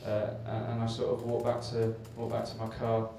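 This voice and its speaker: Self-mocking comedian in an echoey club. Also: male voice, mid-range voice, completely flat delivery, a little fast, dark tone. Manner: self-deprecating, rambling storytelling. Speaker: stand-up comedian. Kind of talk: stand-up routine. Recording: echoey live club recording from far off with hiss.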